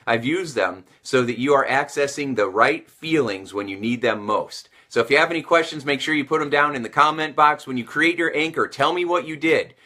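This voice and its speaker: A male sales and communication coach speaks straight to camera with a bright, forceful tone. He teaches in an energetic, motivational style and leans on repetition to stress his points. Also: mid-range voice. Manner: energetic, repeats phrases for emphasis.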